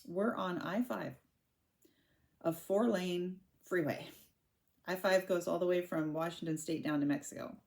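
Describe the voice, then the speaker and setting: Low-voiced woman in her forties, candid. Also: vocal fry, a little mellow. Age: 40s. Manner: candid, halting, with many restarts and fillers. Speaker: vlogger sharing her own story. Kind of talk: personal storytelling to camera.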